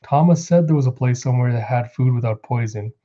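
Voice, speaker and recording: A man's voice: medium pitch, fast, warm tone, dull audio, close to an everyday voice. A man reading out the lines of a kind but stern woman innkeeper in a firm, insistent way, only slightly raising his voice. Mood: explaining.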